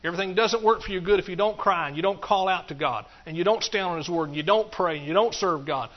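Sitting high and moving at a quick pace, a man's voice preaches a sermon built on rhythmic repetition and frequent hallelujahs. The recording is dull and muffled.

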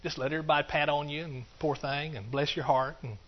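A quick-paced preacher speaks in a fairly high voice with a steady tone. Phrases repeat in a rhythmic build, hallelujahs dropped throughout, on a muffled, dull-sounding recording.

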